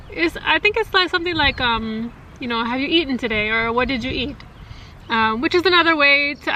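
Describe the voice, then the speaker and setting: Woman vlogger in her 30s, slightly high voice, chatty and filler-heavy, outdoors with wind noise on the mic. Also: bright, forceful tone, low-quality recording. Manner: chatty, many fillers, laughs often. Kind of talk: casual chat.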